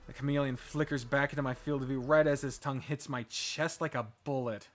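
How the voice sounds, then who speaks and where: A man's voice: medium pitch, steady tone, brisk, few pauses, faint music behind. A man streaming a story game, reading first-person narration dramatically and breaking off with swearing and jokes.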